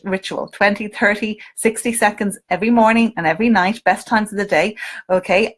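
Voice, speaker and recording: A woman with an Irish accent, a coach and hypnotist, talking live to her viewers in an animated, coaxing way and often checking in with them. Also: medium pitch. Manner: animated, coaxing, asks viewers questions, frequent "okay?". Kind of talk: live-stream talk to viewers.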